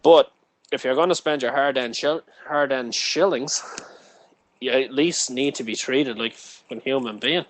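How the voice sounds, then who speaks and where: A man's voice: mid-range voice, normal speed, no room sound, poor audio. A man chatting casually, telling long sweary stories. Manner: sweary, storytelling rambles. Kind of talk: casual chat.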